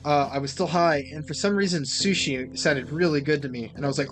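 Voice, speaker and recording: A young man hosting a podcast, telling a story in casual chat, animated and swearing freely as he acts out the quotes. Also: fairly high pitch, fairly quick, faint music behind. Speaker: podcast host.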